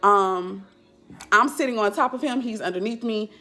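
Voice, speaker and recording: A woman's voice: medium pitch, moderate pace, bright, forceful tone. A woman life coach chatting casually on a live stream, candid and blunt in loose, slangy talk.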